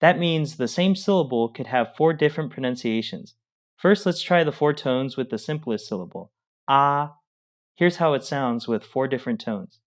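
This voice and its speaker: Man, calm explanatory co-teacher, scripted lesson read, mid-range voice. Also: medium pitch, moderate pace. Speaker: Mandarin teacher.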